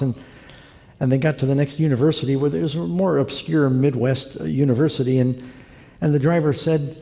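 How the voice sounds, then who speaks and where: A man's voice: medium pitch, fairly quick, mellow. A man preaching a sermon, telling folksy stories and acting out the people he quotes. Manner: folksy storyteller, acts out quoted characters. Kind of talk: sermon with storytelling. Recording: long reverb of a large hall.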